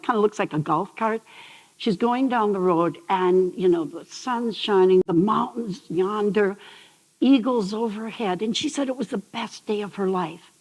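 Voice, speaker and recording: An older woman, a behavioral psychologist, telling stories on stage and asking the audience questions in a lively talk. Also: mid-range voice, big-room sound, rough recording. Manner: animated storyteller, asks the audience questions. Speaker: speaker. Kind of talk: TEDx talk. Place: large hall on stage.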